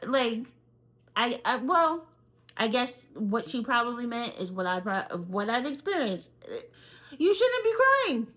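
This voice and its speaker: A woman's voice: on the high side, measured pace, pushed and bright, rough recording. A young woman co-hosting a podcast, telling a personal story casually and animatedly, with many filler words. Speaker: podcast co-host.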